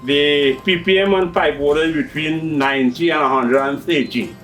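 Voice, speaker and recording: A man's voice: on the high side, fairly even intonation, normal speed, fairly bright tone, far from the mic, faint music behind, poor audio. A middle-aged man with a Trinidadian accent, patiently explaining how his hydroponic systems work on a farming TV show. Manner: explanatory, patient, uses local turns of phrase. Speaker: hydroponics shop owner.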